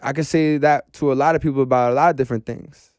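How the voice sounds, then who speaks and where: A man talking casually as a podcast guest, animated and slangy, saying "bro" often. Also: medium pitch, quick pace, clear, resonant tone, dry recording, studio quality.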